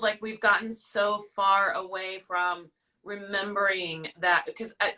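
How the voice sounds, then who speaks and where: A woman's voice: medium pitch, sharp tone, recorded from a distance, rough recording. A woman hosting a casual livestream chat, encouraging and emotional as she talks. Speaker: host.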